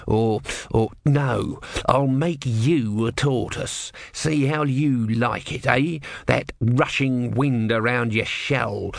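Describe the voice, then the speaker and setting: Man putting on a sulky old tortoise god, dull mutter, sardonic, low and quiet, storybook. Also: gravelly, no room sound, studio quality, exaggerated voice. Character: resigned grumbling old male tortoise god.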